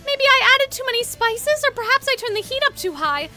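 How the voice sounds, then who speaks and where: A woman's voice: extremely high pitch, lively intonation, fairly quick, pushed and bright, soft background music, voice pushed up, full character voice. A woman voicing an ancient, mischievous fae man with a youthful voice and old-fashioned, theatrical speech. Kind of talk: voicing game dialogue aloud.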